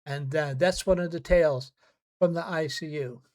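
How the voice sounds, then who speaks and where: A man hosting a podcast, telling personal stories in an earnest, halting way and often repeating words as he restarts his sentences. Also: on the high side, a little mellow. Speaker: podcast host. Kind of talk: personal storytelling monologue.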